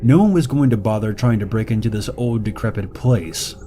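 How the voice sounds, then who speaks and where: A man reading first-person horror stories as scripted narration, measured and slowing down on the eerie details. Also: on the low side, warm tone, soft background music.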